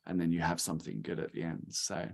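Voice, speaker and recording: A man in his thirties from England speaks in a fairly low voice during a casual rum tasting talk. He is chatty and animated, and he acts out the reactions of the people he quotes. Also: fast, creaky. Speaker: guest speaker from a rum company.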